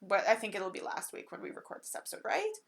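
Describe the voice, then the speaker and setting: A woman's voice: mid-range voice, sing-song, fast, gravelly. A woman co-hosting a podcast in casual chat, talking and laughing often. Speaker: podcast co-host.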